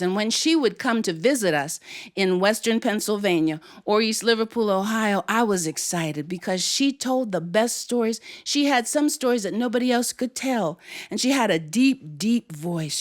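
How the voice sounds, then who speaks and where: A woman storyteller telling a story in an animated, expressive way with frequent chuckles. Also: mid-range voice.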